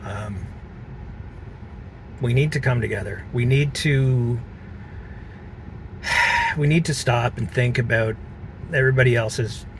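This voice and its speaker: A man vlogging from a car, talking in an earnest, halting way with many fillers. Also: mid-range voice, a little hiss or hum. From Canada. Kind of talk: reflective personal vlog.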